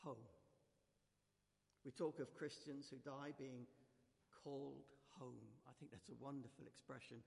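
A man preaching a gentle, conversational sermon in a church, leading the congregation to join in. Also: medium pitch, steady tone, a little slow, creaky, pauses often. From United Kingdom. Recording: reverberant church hall.

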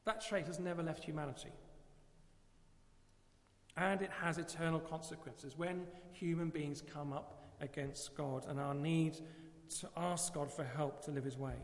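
An earnest male preacher delivers a sermon and checks in with the congregation through rhetorical questions. His voice sits fairly high. It rings out in a live church with a long hall echo. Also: fairly even intonation, unhurried.

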